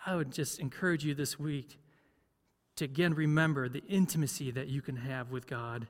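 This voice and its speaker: A man's voice: mid-range voice, fairly even intonation, moderate pace, long reverb tail. A man preaching a sermon as pastor, conversational, often asking the congregation questions. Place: church.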